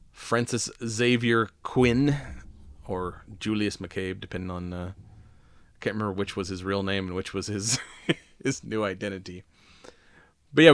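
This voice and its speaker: A man's voice: on the low side, a bit bright, smooth, dry recording. A man hosting a podcast, chatting loosely with lots of swearing and laughter. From Southern United States. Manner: loose and rambling, swears a lot, laughs often. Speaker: podcast host. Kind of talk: casual chat.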